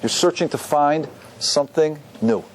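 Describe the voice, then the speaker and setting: Man, rabbi, Torah class, slightly high voice, faint hiss. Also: normal speed. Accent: Ashkenazi Hebrew pronunciation. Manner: lively teaching, asks the audience questions.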